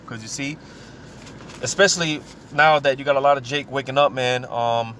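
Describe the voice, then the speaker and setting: A man's voice: medium pitch, fairly even intonation, fairly bright tone. Casual man preaching over faint traffic. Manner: casual, repeats filler words like "man" and "you know"; reads scripture aloud slowly. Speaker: scripture teacher. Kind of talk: informal preaching.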